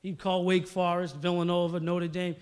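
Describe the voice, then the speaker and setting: A man's voice: sits high, level tone, moderate pace, clear, resonant tone. Middle-aged man telling stories at a podium. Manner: rambling, storytelling, many fillers. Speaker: hall of fame inductee. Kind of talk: acceptance speech. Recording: long reverb of a large hall.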